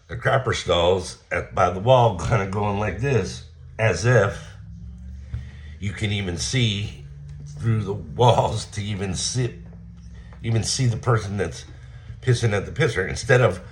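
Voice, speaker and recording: Low-voiced guy, blunt and profane, telling a story straight to camera. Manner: blunt and profane, retelling a confrontation with heated quoted lines. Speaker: vlogger. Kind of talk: casual storytelling rant.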